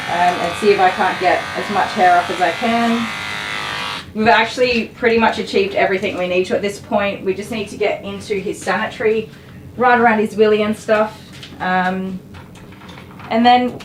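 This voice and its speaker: A woman dog groomer on a live stream, firmly telling a dog to stop and then calmly explaining her work to viewers. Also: mid-range voice. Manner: firm commands to dog, then calm explaining. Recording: noisy grooming room with clipper buzz.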